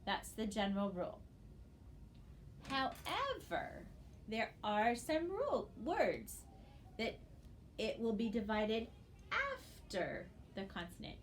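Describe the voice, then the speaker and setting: A woman teaching a phonics lesson, sounding out syllables slowly and checking in with "okay?" after each step. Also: fairly high pitch, huge pitch swings, a little hiss or hum. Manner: patient, checks in with frequent "okay?". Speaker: reading teacher.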